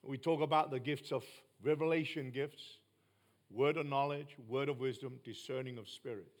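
A man preaching a sermon to a small group, swinging between loud emphatic bursts and quiet, low asides. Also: steady tone, normal speed.

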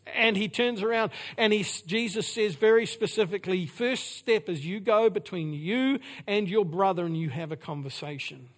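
A man preaching a sermon, repeating phrases for emphasis and dropping suddenly to a quiet voice. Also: high-pitched, normal speed, hardly any pauses. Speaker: pastor.

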